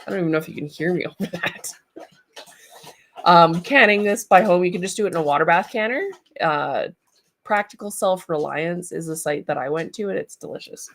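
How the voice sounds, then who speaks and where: A woman's voice: fairly low pitch, a little fast, fairly bright tone, slight background noise. A woman streaming live from home, chatting casually and rambling with lots of ums. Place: home, with a large dog nearby.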